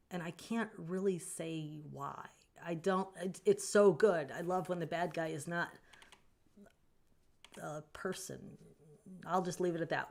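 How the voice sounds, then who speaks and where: A woman with a Southern US accent, hosting her own livestream and chatting with viewers, playful and quick to laugh. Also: on the low side, a bit bright. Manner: chatty, bursts into laughter, playful mock scolding. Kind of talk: casual livestream chat reading comments.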